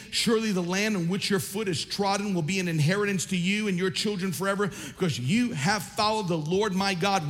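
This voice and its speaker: A man preaching a sermon as pastor, impassioned and rising to shouts at times, then reading scripture more quietly. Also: high voice, long reverb tail.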